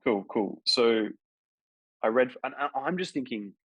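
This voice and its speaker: In a casual podcast interview, a male actor rambles through a long story packed with fillers. He speaks in a gravelly low voice at a measured pace, with lively intonation and a fairly bright tone. The lo-fi recording sounds dull and dry, without echo.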